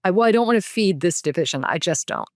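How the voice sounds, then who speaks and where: A woman's voice: on the low side, animated, dry recording, clean studio sound. A woman from the United States, a podcast guest and author, talking in a heartfelt, earnest and emotional way. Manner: earnest and emotional, speaks slowly with feeling.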